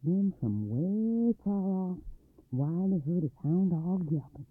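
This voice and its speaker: A man reading a folktale aloud, expressive, shifting his pitch and volume. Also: takes it slowly, husky. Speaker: storyteller. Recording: dry tinny phone-like line.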